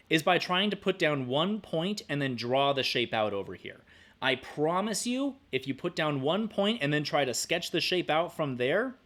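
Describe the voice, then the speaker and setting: A young male math teacher walks through a screen-recorded lesson with a playful, upbeat manner. His voice sits a little high and moves animatedly, jumping around as he explains and hums to himself. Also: a bit bright. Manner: upbeat, playful, hums and says "boop" while working.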